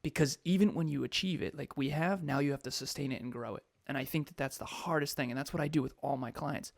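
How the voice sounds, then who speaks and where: Gravelly, animated male podcast host. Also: a little high, fast, no echo, studio quality. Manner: animated, emphatic, laughs often. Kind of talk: casual podcast chat.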